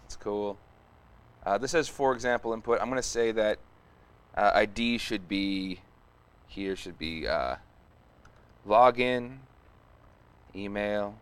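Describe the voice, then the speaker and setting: Low-voiced man muttering through live coding. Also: slow pace, long pauses, smooth. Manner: thinking aloud, muttering and humming while typing. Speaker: live stream host coding. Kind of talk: casual live coding commentary.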